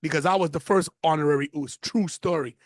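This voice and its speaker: A man from New York, a podcast guest, telling stories in an animated, casual way. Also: on the high side, fast talker, no room sound. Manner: animated storyteller. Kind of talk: casual interview.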